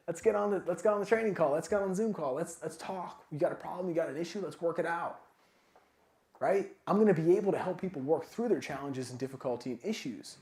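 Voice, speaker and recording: A man giving a casual, energetic motivational talk at a sales summit, full of filler words like "like" and "man". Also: on the high side, fast talker. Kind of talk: motivational talk to a live audience. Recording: echoey event room.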